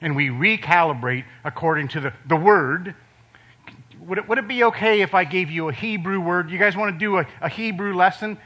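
Bright-voiced older man preaching a sermon. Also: high-pitched, fairly quick. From Ohio, USA. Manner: conversational preaching with sudden drops to quiet emphasis.

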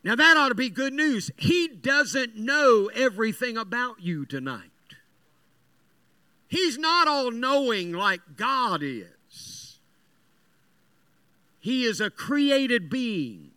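A man's voice: extremely high pitch, sing-song, takes it slowly, bright, forceful tone, dry recording. A man from West Virginia preaching a sermon, telling folksy stories in an earnest, emphatic way.

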